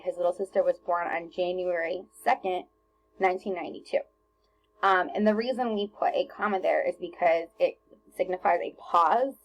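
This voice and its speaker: A young woman teacher walks her class through a recorded lesson. Her voice sits a little low and sounds husky, and she talks in a relaxed, chatty way, full of ums and quick self-corrections. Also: poor audio. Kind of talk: recorded grammar lesson over slides.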